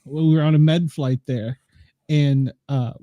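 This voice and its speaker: Laid-back man from the US South, warm tone. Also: a little high, steady tone, measured pace, dry recording, lo-fi sound. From Southern United States. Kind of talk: casual storytelling.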